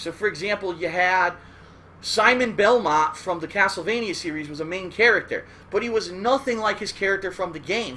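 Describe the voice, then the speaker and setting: A man's voice: high-pitched, bright, forceful tone, a little hiss or hum. A man hosting a casual, rambling look back at old cartoons, profane and loose, often checking in with "all right?". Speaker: host. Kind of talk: casual retrospective commentary.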